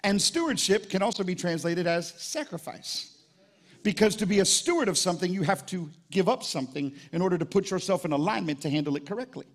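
A man, a pastor preaching a live sermon at a church service in an animated, conversational storytelling way. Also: high voice, fairly quick.

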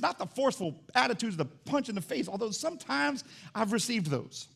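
A man preaching a sermon in a church, his voice pitched high and roughened by a gravelly fry. He swings between quiet, muttered asides and loud, rousing exhortation, leaning into the crowd one moment and confiding the next. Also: expressive, a little fast. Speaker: pastor.

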